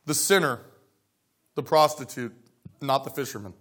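A man preaching a sermon, telling stories and acting out scripture dialogue, dropping to quiet asides between loud exclaimed lines. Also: mid-range voice, moderate pace, slightly rough. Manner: storytelling, swings from soft asides to loud dramatic quotes; acts out dialogue of scripture characters. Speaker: pastor.

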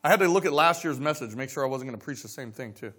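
A man preaching a sermon, telling stories and acting out scripture dialogue, dropping to quiet asides between loud exclaimed lines. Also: medium pitch, animated, fast, breathy edge. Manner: storytelling, swings from soft asides to loud dramatic quotes; acts out dialogue of scripture characters. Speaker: pastor.

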